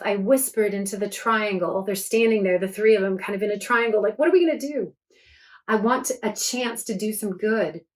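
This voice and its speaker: Chatty woman author reading to kids. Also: medium pitch. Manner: chatty, enthusiastic explaining. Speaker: author reading her book. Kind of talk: read-aloud for children.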